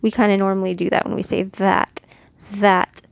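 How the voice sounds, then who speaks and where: Woman with a gravelly edge, teaching. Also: medium pitch, level tone, quick pace, no room sound. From Mexico. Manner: explains patiently, demonstrating sounds. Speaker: Quran reading teacher. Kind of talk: casual instructional lesson.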